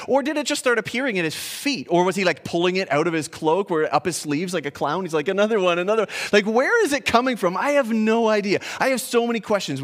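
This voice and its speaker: A man with a fairly high voice preaching a sermon. He talks in a conversational way, swinging between quiet reflective lines and loud animated ones, with playful asides along the way. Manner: playful asides with small laughs and restarts. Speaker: pastor.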